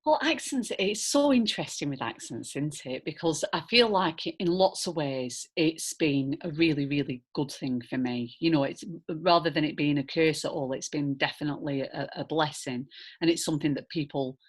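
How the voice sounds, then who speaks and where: A woman's voice: low-pitched, moderate pace, breathy edge. A woman with a rounded, slightly old-fashioned Lancashire accent, chatting casually as an actress guest in a Q&A, full of fillers and asides. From northern England. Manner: chatty, animated, many fillers and "do you know what I mean". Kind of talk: casual conversational Q&A.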